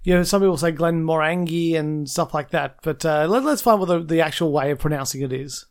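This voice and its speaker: A man's voice: fairly high pitch, fast. A man co-hosting a casual chat, talking in a rambling way with many restarts. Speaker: co-host.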